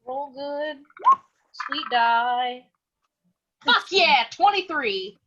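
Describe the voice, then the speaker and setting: A woman's voice: high-pitched, expressive, extremely slow, fairly bright tone, dull audio. A woman playing a tabletop game, blunt and swearing freely. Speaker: player. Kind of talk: casual tabletop play.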